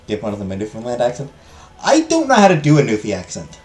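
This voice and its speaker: Chatty self-mocking man with lively voice. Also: medium pitch, quick pace, soft background music. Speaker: let's play host. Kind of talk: game playthrough commentary and reading aloud.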